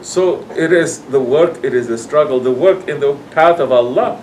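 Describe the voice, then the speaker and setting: A man's voice: mid-range voice, moderate pace, a little mellow, recorded from a distance, a little hiss or hum, low-quality recording. A man giving a sermon to his congregation, scolding and acting out people's excuses. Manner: admonishing, acts out quoted excuses. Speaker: sufi sheikh.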